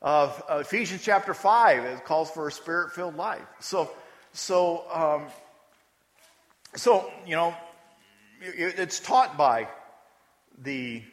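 A man's voice: on the high side, expressive, slow, long pauses. A man preaching a sermon as pastor, talking conversationally and repeating words for emphasis. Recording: long hall reverb.

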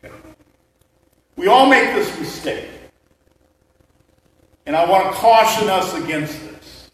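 A man's voice: high voice, animated, slow. A man preaching a sermon as a pastor, conversational and joking with the congregation. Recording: echoey hall mic from far off.

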